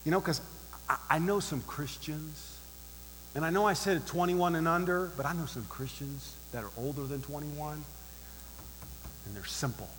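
A man's voice: on the high side, moderate pace, a bit bright, big-room sound, slight background noise, poor audio. A male pastor preaching a sermon, emphatic and direct, firing rhetorical questions at the congregation.

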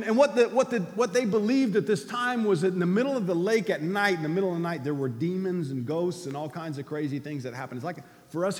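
A pastor preaching with a high, bright-pitched voice, his words ringing out through a reverberant hall. He swings from loud, stirring cries to low, hushed lines as he speaks to his congregation. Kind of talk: sermon.

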